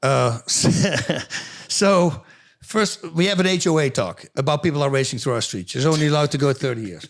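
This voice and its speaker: A man in his fifties, a former fighter telling stories in a casual podcast chat, animated and laughing often, acting out the voices of people in his stories. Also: fairly high pitch, normal speed.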